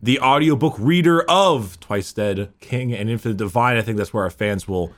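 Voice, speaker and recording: A man's voice: medium pitch, moderate pace, a bit bright. A man hosting a casual interview, eager and chatty, often repeating words and using slang. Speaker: podcast host.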